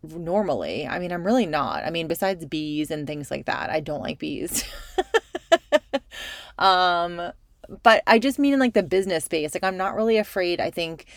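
A woman's voice: on the low side, expressive, moderate pace, vocal fry, no room sound, studio quality. Chatty, frank woman podcaster. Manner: chatty, rambling, frank and emphatic. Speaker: podcast host. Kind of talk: solo podcast monologue.

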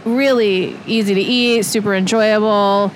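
A woman's voice: medium pitch, steady tone, unhurried, a little hiss or hum. A woman co-hosting a casual food talk show, chatting and thinking aloud with frequent restarts. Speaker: co-host. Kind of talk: casual chat.

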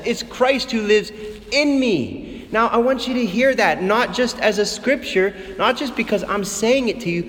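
A man with a high voice preaches a heartfelt sermon. He moves between near-whispered tenderness and rising, urgent emphasis. His words trail off into the long echo of a church. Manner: impassioned, swings between hushed and raised. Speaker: priest.

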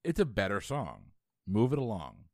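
Very low-voiced man, podcast co-host, opinionated and joking, dry sound. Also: wildly swooping pitch, moderate pace, darkish tone, no echo. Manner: opinionated, joking, hesitant fillers. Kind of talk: casual podcast chat.

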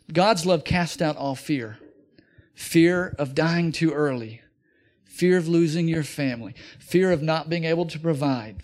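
A middle-aged man preaching a sermon as pastor, talking in an animated way and building up to near-shouted exhortations. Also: a little high.

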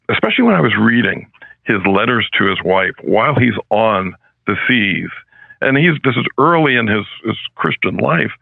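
Gravelly man on a tinny phone line. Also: low voice, dry recording. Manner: earnest, measured, reflective. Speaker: podcast guest, professor. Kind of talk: podcast interview. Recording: phone-like, dry, narrow sound.

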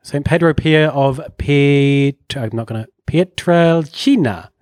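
A man's voice: on the high side, slow pace, a little mellow, smooth, no echo, studio quality. A young man, chatting casually and rambling as a podcast co-host. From New Zealand. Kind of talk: casual chat.

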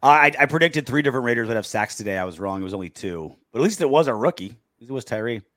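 A man co-hosting a post-game football talk show, his voice rising and falling with a sarcastic bite. The mid-pitched voice sits close and dry on the mic, with no room behind it. He reads comments from listeners and jokes at the team's expense. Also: lively intonation, rapid-fire, fairly bright tone, dry recording. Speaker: podcast co-host. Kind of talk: casual sports chat.

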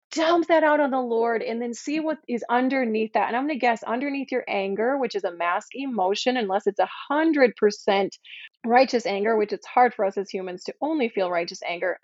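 A woman's voice: a little high, dry recording. A woman hosting a Christian podcast, speaking earnestly and pleadingly to her listeners in a pastoral faith talk. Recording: dry, slightly dull recording.

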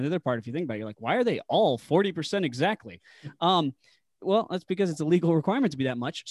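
A man's voice: fairly high pitch, no room sound. Chatty man explaining whisky, dry sound. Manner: explanatory, conversational, with fillers. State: married. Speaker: podcast guest, whisky enthusiast. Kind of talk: casual podcast chat.

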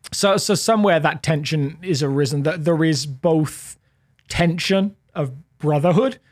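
An English man with a fairly high voice talks through ideas in a relaxed, thoughtful chat. He is a pastor, lively and quick with asides. The recording is dry and close. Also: no room sound. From England. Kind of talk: casual chat.

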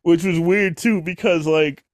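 Animated swearing man, podcast host. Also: a little high, measured pace, dry recording, clean studio sound. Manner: animated, swears freely, laughs often. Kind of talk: casual chat.

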